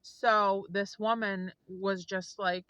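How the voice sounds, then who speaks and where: Woman vlogger, earnest storyteller, bright and tense, dry close sound. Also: medium pitch, little pitch movement, takes it slowly, dry recording, low-quality recording. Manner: earnest, heartfelt, rambling with restarts. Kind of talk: casual storytelling to camera.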